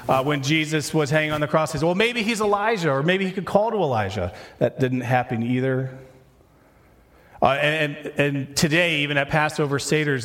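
A male pastor preaching a sermon, acting out complaints with rising energy and dropping to a low, hushed delivery to make a point.

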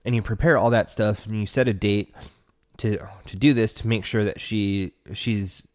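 Earnest low-voiced man giving advice. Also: fairly even intonation, normal speed, darkish tone, no room sound, clean studio sound. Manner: earnest, conversational, talks straight to the listener. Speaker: relationship advice podcast host. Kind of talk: casual advice monologue.

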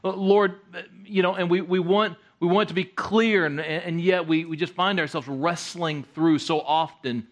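Guy preaching a sermon, kinda high voice, stumbles and repeats words, chatty. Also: steady tone, dull audio. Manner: halting, repeats words, conversational. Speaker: guest preacher.

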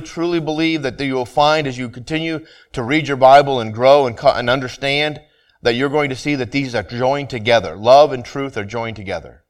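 A man preaching a sermon to his congregation, slowing down to read scripture and pray, and often repeating and restarting his phrases. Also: mid-range voice. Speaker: pastor.

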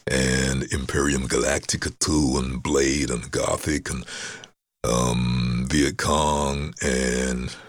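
Man, extremely low voice, husky, confident storyteller, casual interview. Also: flat delivery, slow, dry recording. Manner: confident storyteller who acts out quotes. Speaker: voice-over artist and guest. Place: his home during lockdown.

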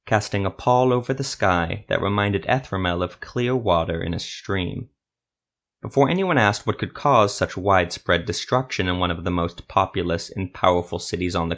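A man narrating a fantasy story in a steady, measured storytelling voice. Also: sits low.

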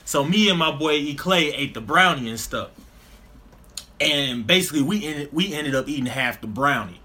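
Guy with a high bright voice telling a wild story, slangy, laughing as he goes. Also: moderate pace. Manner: animated storyteller, laughs through punchlines, slangy. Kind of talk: casual storytelling chat.

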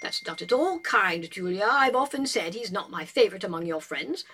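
A woman's voice: mid-range voice, lively intonation, moderate pace, fairly bright tone, a little hiss or hum, close to an everyday voice. A woman voicing a stern, disapproving aristocratic mother who speaks in a prim, reproving way.

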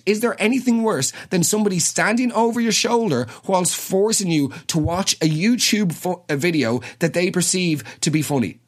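A man with an Irish accent telling a comic story in a quick, sweary, exaggerated rant. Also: sits high, expressive. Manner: rapid, sweary, exaggerated rants. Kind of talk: comedic storytelling monologue.

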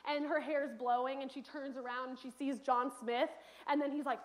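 High-voiced woman preaching with animated storytelling. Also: a little fast. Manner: animated storytelling, acts out quotes. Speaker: speaker giving a church message. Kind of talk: sermon.

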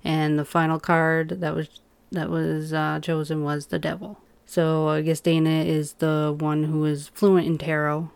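A woman with a smooth, low voice talks through the plot in an even, level way. She recounts events steadily in a casual podcast chat, with the odd uh. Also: unhurried, few pauses. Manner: steady recounting with uh fillers, brief backchannels. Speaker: podcast co-host.

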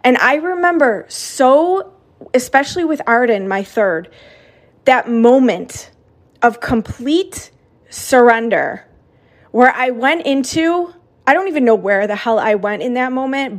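A woman's voice: on the high side, animated, slow pace. A woman in her thirties giving an earnest, emphatic motivational talk as a coach, often repeating herself for emphasis.

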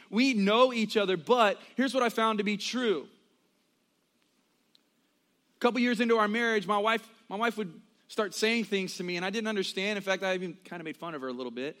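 High-voiced young man preaching a sermon. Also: bright, forceful tone. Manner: conversational preaching with quick asides and acted quotes. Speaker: pastor.

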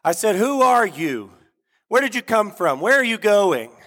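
A man voicing a stern Roman soldier on guard, booming out demanding questions. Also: very animated, a little slow, a bit bright, heavily acted. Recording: echoey hall.

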